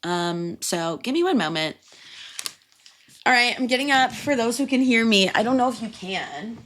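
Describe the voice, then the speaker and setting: Animated bright-voiced young woman rambling. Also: fairly high pitch, normal speed, a little hiss or hum. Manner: rambling, profane, self-amused, laughs often. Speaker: podcast host. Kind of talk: casual solo podcast chat.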